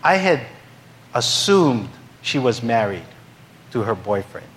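A man's voice: mid-range voice, big pitch swings, slow, fairly bright tone, slight background noise. A male pastor telling a humorous story in a sermon, acting out the voices of the people in it. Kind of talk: sermon anecdote.

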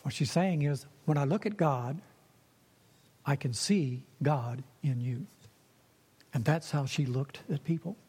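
A man's voice: a little high, measured pace, pauses often, darkish tone, slightly rough. Earnest preacher man in a reverberant hall. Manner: earnest, repeats phrases for emphasis. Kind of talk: sermon.

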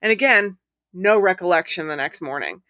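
A woman's voice: on the low side, animated, normal speed, pushed and bright, no echo, highs cut off. A woman hosting a podcast, reading listener stories aloud in a casual way, swearing freely and laughing often. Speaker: podcast host.

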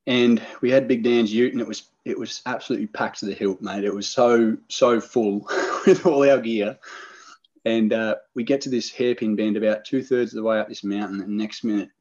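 An Australian man tells his story in a relaxed, rambling way, full of fillers and restarts. His voice sits low and a touch husky. The recording is dull and lo-fi. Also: normal speed. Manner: rambling, laid-back, many fillers and restarts. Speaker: podcast guest, hunter. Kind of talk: casual storytelling.

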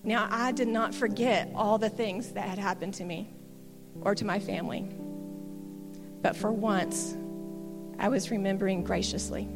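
A woman's voice: mid-range voice, steady tone, moderate pace, long pauses. A middle-aged woman, giving an earnest, candid testimony sermon. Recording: long hall reverb with guitar music. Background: soft guitar music.

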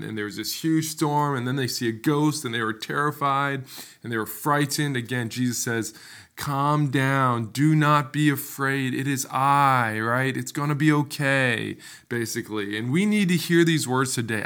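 A man hosting a faith podcast, speaking earnestly and conversationally. He works through scripture with plenty of fillers and quick restarts. His voice sits at an ordinary middle pitch. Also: a bit bright. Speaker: podcast host. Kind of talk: casual devotional podcast talk.

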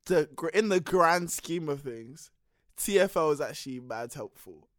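Laughing young Londoner, lively voice. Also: mid-range voice, normal speed, dry recording, clean studio sound. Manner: laughs often, exaggerated reactions. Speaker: podcast co-host. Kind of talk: casual chat.

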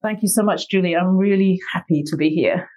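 A woman author interviewed as a guest, speaking in a calm, thoughtful and earnest way. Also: on the low side, a little fast. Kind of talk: reflective interview storytelling. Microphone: video call.

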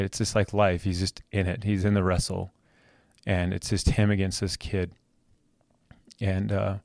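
A man's voice: low-pitched, a little mellow, no echo, studio quality. A man hosting a podcast, telling a heartfelt personal story about his son with many restarts and repeated words. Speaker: podcast host.

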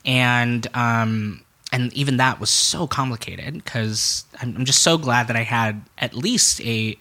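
A young man with a medium-pitched, sharp voice tells a personal story unhurriedly as a podcast guest. It's candid conversational storytelling: he speaks frankly, swears freely and acts out what others said.

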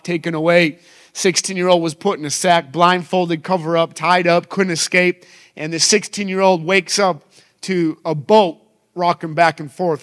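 A man's voice: on the high side, a bit bright. A man in his thirties, a traveling evangelist, preaching a sermon with upbeat storytelling and self-mocking humor.

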